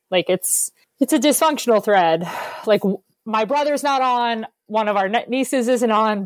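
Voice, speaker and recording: A woman's voice: mid-range voice, dry recording. Female comic co-host, chatty rambler, dry close recording. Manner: rambling, quick comic asides. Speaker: podcast co-host. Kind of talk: comedic casual chat over video call.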